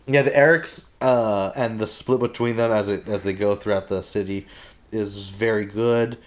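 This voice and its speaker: A young man co-hosting a casual podcast chat who laughs often and gets animated when quoting characters. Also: fairly low pitch, normal speed. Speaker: podcast co-host.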